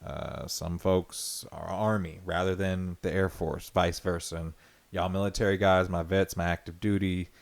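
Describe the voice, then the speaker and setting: Male podcast host, lowish voice, earnest and rambling, reflective solo talk. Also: level tone, moderate pace, gravelly. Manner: earnest, rambling, with many "like" fillers and restarts.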